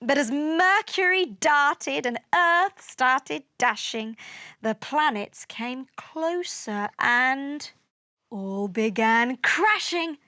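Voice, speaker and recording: Expressive woman reading a rhyming storybook. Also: high-pitched, extremely slow, no echo, clean studio sound. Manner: expressive, sing-song. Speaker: narrator. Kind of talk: storybook read-aloud in rhyme.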